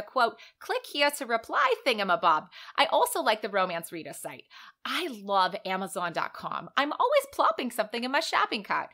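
A woman's voice: a little high, exaggerated voice. A woman voicing a gushing, chatty woman novelist with an exaggerated put-on accent, reading an old interview aloud. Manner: exaggerated accent, bubbly and excited.

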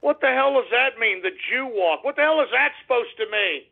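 A Texan man hosting a call-in internet radio show, ranting abrasively, cursing and yelling at trolls. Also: very high-pitched, expressive, fairly quick, vocal fry. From Texas. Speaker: radio talk show host. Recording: tinny phone-like internet radio audio.

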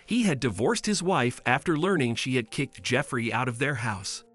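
Man narrating a story over soft music. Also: mid-range voice, normal speed. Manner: steady storytelling. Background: faint music.

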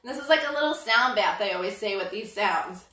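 A woman's voice: medium pitch, animated, fairly quick, pushed and bright, recorded from a distance. A woman leading a toddler yoga class, reading a storybook aloud and making playful animal sounds. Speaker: yoga instructor. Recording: roomy sound from off the mic.

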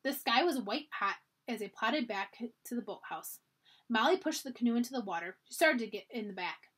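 A woman's voice: fairly high pitch, lively intonation, a little fast, fairly bright tone, husky. A woman reading a children's storybook aloud for a library, narrating expressively.

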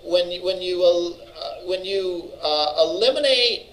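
A man's voice: high voice, a little slow, a bit bright, rough recording. A man teaching a college database class, lecturing conversationally and often checking in with the students. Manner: conversational, checks in with "all right?"; thinks aloud with fillers and restarts. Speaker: college instructor.

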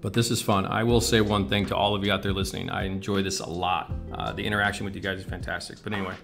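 This American scale-model painting instructor has a low, steady voice and a quick pace as he runs a relaxed livestream demo. He rambles, chats, and drops casual swears, with music playing clearly behind him.

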